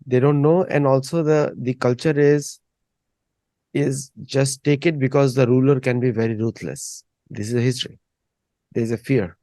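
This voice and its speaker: A man's voice: medium pitch, fairly even intonation, normal speed, mellow, no echo. A man hosting a casual discussion, rambling and repeating words as he thinks. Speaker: host.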